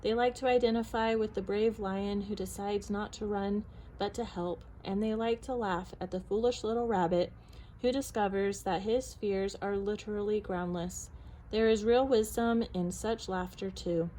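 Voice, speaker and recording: A woman's voice: mid-range voice, slight background noise, rough recording. Woman storyteller reading a picture book. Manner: measured, expressive.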